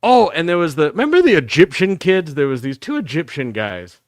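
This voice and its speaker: A middle-aged man hosting a talk show, telling rambling, profane stories about his school days in a casual, animated way. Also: a little high, brisk, no echo, studio quality. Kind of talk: casual storytelling.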